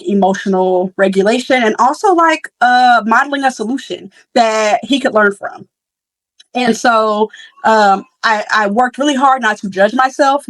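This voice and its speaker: A woman's voice: mid-range voice, a bit bright, no echo, poor audio. A young woman hosting a podcast, telling a story in a casual, candid way with many fillers and restarts. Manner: candid and reflective. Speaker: podcast host.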